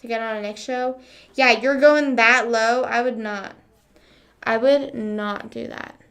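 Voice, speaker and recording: Her voice is a little high and fairly bright, with fairly even intonation and a slightly slow pace. She's a young livestreamer chatting casually to viewers, full of sarcasm, fillers, and swearing.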